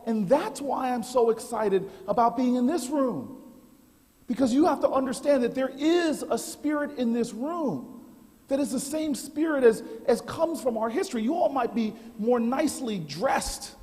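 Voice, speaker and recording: A man's voice: very high-pitched, expressive, moderate pace, dark tone, breathy edge. A man giving a keynote speech at a dinner, telling stories with humor and building into impassioned oratory. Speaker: keynote speaker. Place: banquet hall. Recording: long reverb of a large hall.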